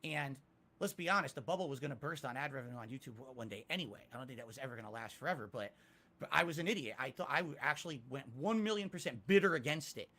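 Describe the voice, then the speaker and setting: A man answering interview questions candidly, self-critical and emphatic, rising to loud peaks. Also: medium pitch, expressive, fast. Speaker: interviewee, YouTuber.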